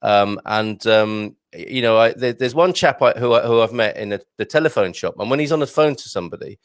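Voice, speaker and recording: A man's voice: lowish voice, lively intonation, brisk, clean tone, dry recording, studio quality. A man hosting a casual chat show, chatty and laughing often, stumbling over foreign words. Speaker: host.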